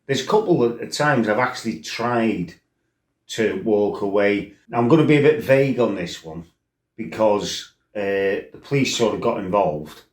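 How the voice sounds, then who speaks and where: A man's voice: fairly low pitch, reverberant. A man with a blunt, sweary, rambling way of telling stories in a casual chat. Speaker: storyteller. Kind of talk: casual storytelling.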